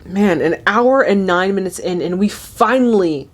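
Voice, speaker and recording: A woman's voice: medium pitch, animated, unhurried. A young woman hosting a casual movie reaction, chatty and gushing, often laughing.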